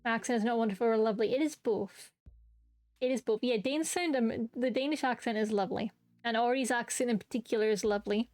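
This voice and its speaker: A woman's voice: fairly high pitch, fast, a little mellow, no echo. A young adult woman streaming a dating game, chatting playfully, laughing often and reading all the parts aloud.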